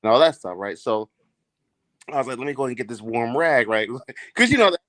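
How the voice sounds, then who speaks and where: A man's voice: mid-range voice, lively intonation, fairly quick, a bit bright, dry recording. A man telling a long, profane story in casual podcast chat, laughing as he goes.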